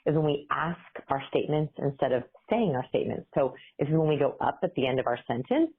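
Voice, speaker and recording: Low, husky woman guest, animated explainer, heard over a tinny phone-like remote line. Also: quick pace. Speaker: interview guest, behavior researcher.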